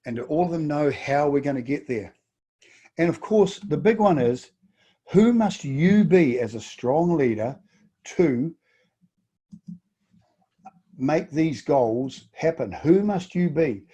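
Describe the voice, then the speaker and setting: A man's voice: a little high, animated, slow, pauses often, warm tone, breathy edge, highs cut off. A middle-aged man with a New Zealand accent, a business coach giving a webinar, emphatic and full of rhetorical questions. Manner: emphatic, repeats words and fires off rhetorical questions. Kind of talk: webinar presentation.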